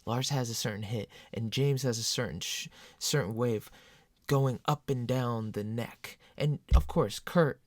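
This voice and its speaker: Male vlogger, mid-pitch, excitable storyteller, dry close sound. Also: unhurried, no echo. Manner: excitable, animated retelling with sudden loud jumps. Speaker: metal fan vlogger. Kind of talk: casual storytelling to camera.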